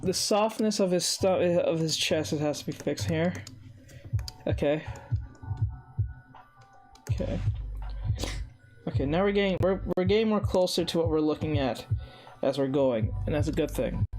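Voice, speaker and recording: A man's voice: on the high side, measured pace, long pauses, a little mellow, soft background music. A young man with a stuffy, congested voice, rambling to himself as he talks viewers through a live drawing tutorial. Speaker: digital art streamer.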